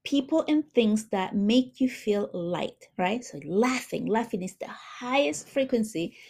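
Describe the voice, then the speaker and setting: Slow, soothing spiritual healing host, a woman. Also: a little high, expressive. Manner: slow, soothing, warm-hearted, addresses listeners as beautiful souls. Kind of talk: gentle spiritual talk to camera.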